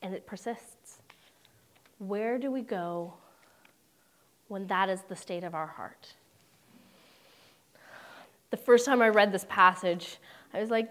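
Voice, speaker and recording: A woman's voice: medium pitch, slow pace, pauses often, a bit bright. A young woman preaching a sermon in a conversational way, with humorous asides and dramatic quoted voices.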